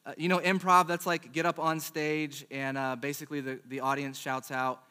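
A middle-aged man preaching a sermon, telling a self-deprecating personal story in a chatty, animated way. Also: fairly high pitch, normal speed, clean tone. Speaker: pastor.

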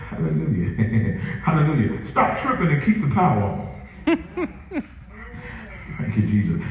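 Echoey distant preacher man. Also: on the high side. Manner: lively call-and-response preaching, laughing between lines. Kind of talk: sermon. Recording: echoey room picked up from a distance, faint ambience.

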